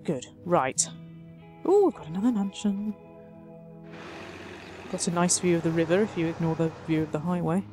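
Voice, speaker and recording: A woman's voice: fairly low pitch, animated, moderate pace, pauses often, mellow. A woman doing casual gameplay commentary as a let's play host, chatty and sarcastic, talking back to the game, with faint music behind her.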